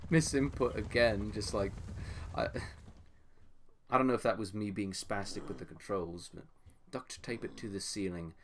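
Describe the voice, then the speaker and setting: A man's voice: lowish voice, measured pace, long pauses, a little hiss or hum. A young man rambling through live gameplay commentary, talking to himself and to his chat. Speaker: game streamer.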